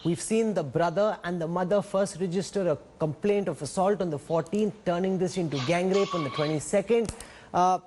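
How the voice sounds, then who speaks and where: An Indian news anchor moderates a TV debate, pressing his panel with measured, probing questions. His voice is notably high for a man. He keeps firm control of the exchange. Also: darkish tone.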